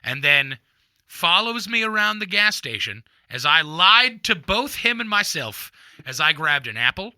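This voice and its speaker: A man's voice: high-pitched, a little slow, no room sound. A man co-hosting a faith podcast, casually chatting and acting out quotes as he tells a story. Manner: animated storyteller, acts out quotes. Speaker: podcast co-host. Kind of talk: casual chat.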